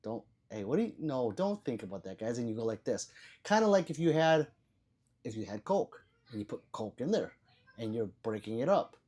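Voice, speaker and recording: Reading the chat aloud on his livestream, an older host rambles profanely, stammers, and repeats words, lurching from loud bursts to low mutters. His voice is sing-song with a breathy edge, at a moderate pace.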